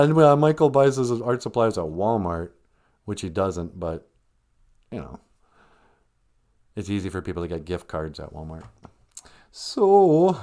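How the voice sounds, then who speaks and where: A man's voice: on the low side, darkish tone. A middle-aged man hosting a comedy live stream, rambling through jokes and language lessons with playful asides.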